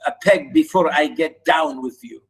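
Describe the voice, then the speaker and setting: A man voicing a scornful, abusive father who shouts taunts at his educated son, read aloud in a lesson. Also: moderate pace, natural voice, low-quality recording. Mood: shouting taunts. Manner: shouting, taunting, high and strained. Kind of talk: dramatic reading aloud.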